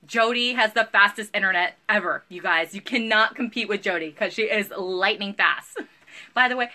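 Bubbly thirties woman, lively high voice, live-sale host energy. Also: brisk. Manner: chatty, bubbly, greets viewers by name. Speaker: online seller hosting a live sale. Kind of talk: casual live-stream sales chat.

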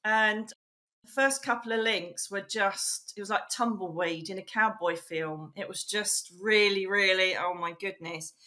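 Bright-voiced chatty middle-aged Englishwoman. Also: medium pitch, measured pace. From England. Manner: chatty, emphatic, fond of saying "literally" and "you know". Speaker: psychic medium, guest. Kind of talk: casual storytelling interview.

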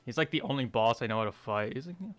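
A man's voice: mid-range voice, lively intonation, fast, a bit bright. A man chatting casually, rambling with lots of fillers. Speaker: streamer's brother. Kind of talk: casual chat.

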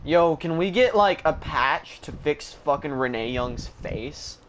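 A man's voice: a little high, animated, slow pace, a bit bright, slight background noise. A man streaming a wrestling video game, commenting with profane, sarcastic remarks. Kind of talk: livestream gameplay commentary.

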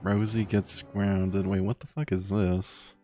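A man's voice: sits low, little pitch movement, slow pace, mellow, soft background music. A young man chatting casually and crudely, often laughing at videos with friends. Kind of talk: casual reaction chat.

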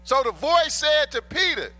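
A pastor preaches a sermon in a very high, sing-song voice that is bright and forceful, moving at normal speed. He is emphatic and colloquial, repeats his key points, and calls the congregation brothers and sisters.

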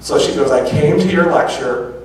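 A man giving a lecture, telling a personal story with lively quoted dialogue. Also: mid-range voice, moderate pace, a little hiss or hum. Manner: animated anecdotes with quoted dialogue. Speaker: public speaker. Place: large auditorium. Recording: very echoey hall from far off.

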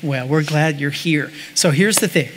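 A man, a pastor, interviewing a guest on a church stage with warm, encouraging interjections. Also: a little high, normal speed. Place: church stage before a congregation. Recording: live church hall with audience noise.

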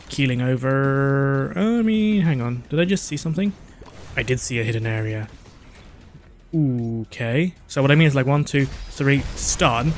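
A man giving casual gameplay commentary, excitable, talking to himself with gasps, restarts and sudden outbursts. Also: mid-range voice, a little hiss or hum. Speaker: gaming YouTuber.

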